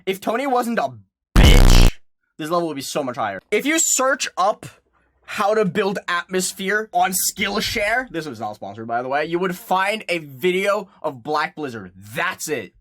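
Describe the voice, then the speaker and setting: A man giving casual gaming stream commentary, excitable and loose-tongued, swearing and bursting into laughter. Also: sits high, moderate pace, dry recording.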